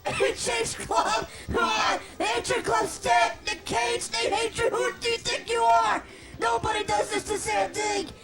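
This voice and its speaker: A man voicing an unhinged male wrestler who yells a wild promo in a high strained voice. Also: little pitch movement, a little slow, loud music behind the voice. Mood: ranting.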